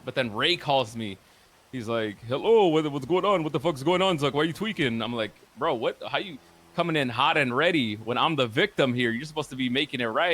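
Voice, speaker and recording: A roleplay streamer casually recounts events from a roleplay game, rambling and profane, with plenty of filler words. His voice is mid-range and a bit bright.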